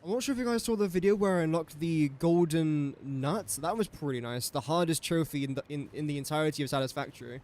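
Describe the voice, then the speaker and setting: A man's voice: on the high side, fast talker, hardly any pauses, a little mellow. A young English man casually commentating his own live game stream, chatty and self-mocking, muttering guesses as he plays. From England. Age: young adult.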